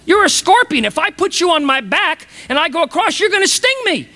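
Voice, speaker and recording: A man's voice: very high-pitched, very animated, a little fast, bright, forceful tone, voice pushed up, heavily acted. A man voicing a wary, indignant male lizard in a told fable, firing off mocking questions. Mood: incredulous.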